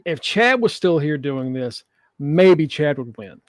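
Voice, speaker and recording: High-voiced man joking about wrestling. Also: big pitch swings, measured pace, no echo. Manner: joking, swears freely, acts out wrestlers' lines in quotes. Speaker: podcast co-host. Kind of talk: casual wrestling chat.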